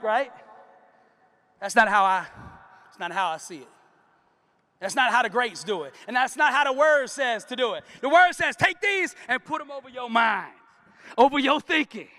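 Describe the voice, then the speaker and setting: A man's voice: very high voice, animated, moderate pace, bright, forceful tone. A man giving a motivational keynote in a preacher-like style, emphatic and calling out to the crowd for responses. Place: large conference hall. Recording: long reverb of a conference hall.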